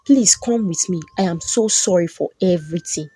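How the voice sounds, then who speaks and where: A man's voice: high voice, moderate pace, dark tone, breathy edge. A woman voicing an emotional, pleading young husband in a folktale. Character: bewitched husband, confused then remorseful.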